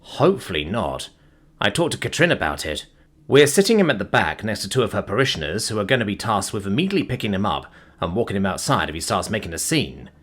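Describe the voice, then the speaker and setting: A man's voice: lowish voice, sing-song, fast talker, fairly bright tone, husky, full character voice. A man voicing an easygoing, weary spaceship worker who talks in a slangy, laid-back way.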